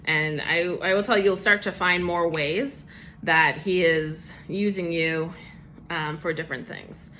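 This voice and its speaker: A woman's voice: fairly low pitch, fairly even intonation, unhurried, sharp tone, slight background noise. A woman giving a casual personal testimony devotional for her church, chatty, with many fillers.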